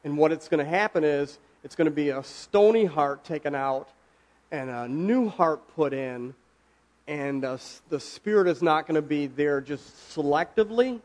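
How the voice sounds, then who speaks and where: Male preacher, slightly high voice, casual sermon, talks with the room and asks questions, slows on key words. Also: darkish tone. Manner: conversational, asks the audience questions, slows for emphasis.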